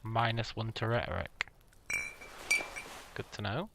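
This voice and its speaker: A man's voice: fairly low pitch, steady tone, unhurried, gravelly, heavy background noise. A young man hosting a game playthrough, joking and reading dialogue options aloud. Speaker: gaming video host. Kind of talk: casual let's-play commentary.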